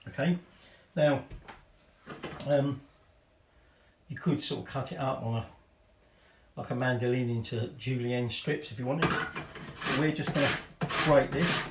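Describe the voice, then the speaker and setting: Middle-aged male cooking host, rambling and self-mocking, mid pitch, roomy kitchen echo with faint noise. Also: unhurried, pauses often. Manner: chatty, rambling, self-deprecating asides. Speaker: home cooking show host. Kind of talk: casual cooking demonstration. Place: home kitchen.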